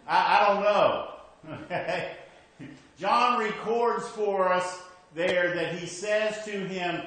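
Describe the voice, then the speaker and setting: A man preaching a conversational sermon as pastor, shifting from emphatic to hushed, with frequent restarts. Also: high voice, lively intonation, takes it slowly, very echoey, low-quality recording.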